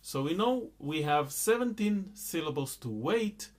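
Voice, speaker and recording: A man's voice: fairly high pitch, expressive, measured pace. A middle-aged man teaching a rhythm lesson, explaining patiently with frequent fillers and chanting syllables and counts. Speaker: music teacher.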